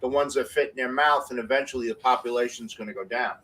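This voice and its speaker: A man in casual chat, giving quick, matter-of-fact advice. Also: mid-range voice, steady tone, crowd noise, poor audio.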